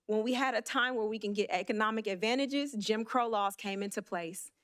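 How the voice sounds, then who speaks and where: A woman council member giving an emotional, blunt speech at a city council meeting, with halting restarts. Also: mid-range voice, fairly bright tone.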